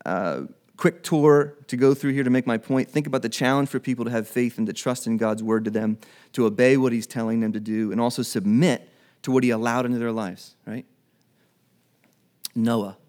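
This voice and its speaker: A man preaching a sermon in a conversational way, acting out Bible dialogue in quick everyday voices. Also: mid-range voice, fairly even intonation, darkish tone. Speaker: pastor.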